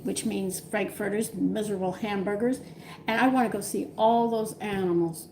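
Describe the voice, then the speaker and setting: A woman's voice: medium pitch, steady tone, normal speed, a little mellow, a little hiss or hum. Chatty older woman venting. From Texas. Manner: chatty, exasperated storytelling with laughs. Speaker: cooking channel host chatting with live viewers. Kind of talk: casual live-stream chat. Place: home.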